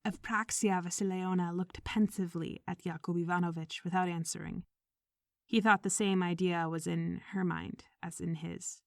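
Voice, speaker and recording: A woman reading a short story aloud in measured audiobook narration, sometimes dropping to a whisper. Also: fairly low pitch, steady tone, gravelly, no echo, studio quality. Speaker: audiobook reader.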